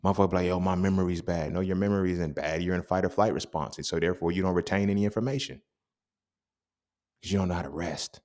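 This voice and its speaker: A deep-voiced young man holds forth on his podcast in a loose, unscripted monologue. His talk is animated and streetwise, heavy with slang and profanity. He sounds like he's explaining something he lived through to a friend. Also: fast talker. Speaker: podcast host. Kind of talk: casual monologue.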